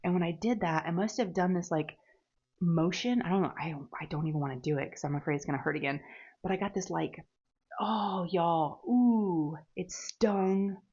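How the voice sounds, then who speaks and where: A woman's voice: lowish voice, brisk, darkish tone, breathy edge, highs cut off. A woman chatting casually while she crafts, rambling and laughing at herself. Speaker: diamond painting crafter.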